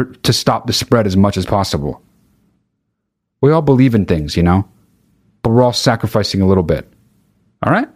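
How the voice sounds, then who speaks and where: Male host, mid-pitched, casual profane rant, exasperated. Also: a little mellow. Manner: exasperated, heavy swearing. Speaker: podcast host.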